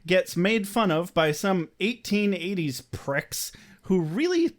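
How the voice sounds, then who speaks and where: A man's voice: sits high, animated, takes it slowly. A man co-hosting a podcast, chatting in a playful, self-deprecating way. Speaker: podcast co-host. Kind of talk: casual chat.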